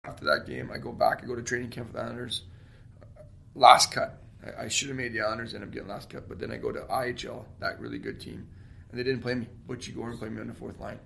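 Gravelly, bright-voiced man telling stories. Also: mid-range voice, fast. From Canada. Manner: animated storyteller, shouts out quoted lines. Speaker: guest, former pro hockey player. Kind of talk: storytelling interview.

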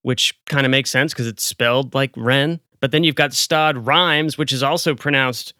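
Bright, crisp-voiced American man joking on a podcast. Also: medium pitch, steady tone, normal speed, no echo, studio quality. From United States. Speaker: podcast co-host. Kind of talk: casual podcast analysis.

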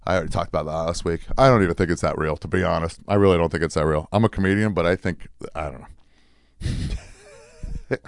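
A man's voice: low-pitched, quick pace, dry recording, studio quality. A man in his forties, a comedian delivering a rambling, profane, sarcastic monologue.

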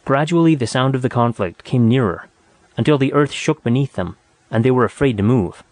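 A man reading a story aloud in a steady, measured narration. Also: mid-range voice, no room sound. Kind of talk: audiobook narration.

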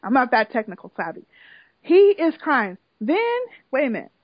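Recapping a reality show for her podcast, this high-pitched female co-host tells the story with lively emotion and plenty of swearing, keeping it conversational. Her pace is moderate, and the audio is dull and lo-fi but free of echo.

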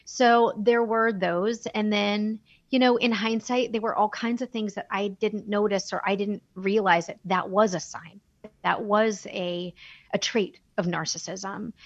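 A podcast guest tells a personal story, candid and emotional, animatedly acting out the dialogue she quotes. Her voice is mid-range, and the recording sounds dry and dull.

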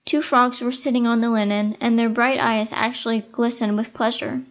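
A woman reads a classic fairy tale aloud in a measured, expressive way. Her voice sits slightly high. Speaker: storyteller. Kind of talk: scripted fairy-tale narration.

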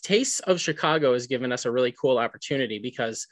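A man hosting a casual podcast, chatting with an energetic, laughing manner. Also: mid-range voice, fast talker, no room sound. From New York. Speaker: podcast host.

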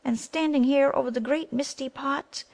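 A woman voicing a fat older male monkey brother who calls out in a high, loud voice. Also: steady tone, moderate pace, vocal fry. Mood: soft, coaxing.

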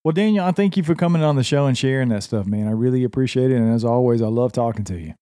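A man hosting a podcast talks quickly and in a friendly way as he wraps up. His voice is mellow and dark, and the recording is dry and close. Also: medium pitch, expressive, no echo. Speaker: podcast host. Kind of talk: casual chat.

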